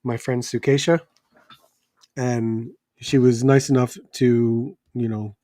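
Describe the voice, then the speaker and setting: A man's voice: medium pitch, steady tone, takes it slowly, mellow, no room sound, clean studio sound. A man, a homeowner in his thirties hosting a toy live stream, ranting in a rambling, exasperated way, with restarts and fillers. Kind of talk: casual live stream rant. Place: home.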